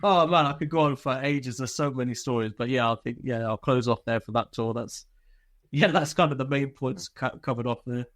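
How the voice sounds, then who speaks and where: In a relaxed, candid interview, a British man looks back on his army days, cursing freely and piling up fillers and restarts as he tells his stories. His middle-pitched voice is a little fast and a bit bright. The audio is dry and close, with no room sound.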